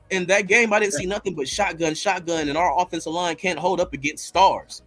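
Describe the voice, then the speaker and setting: Profane, heated male fan ranting on a podcast, slightly high voice. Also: expressive, a little fast, a bit bright, breathy edge, soft background music. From Los Angeles area. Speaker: guest fan.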